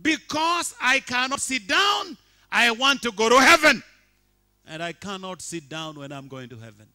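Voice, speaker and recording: A man acting out an exuberant worshipper who refuses to sit down, shouting. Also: extremely high pitch, big pitch swings, normal speed, voice pushed up, heavily acted.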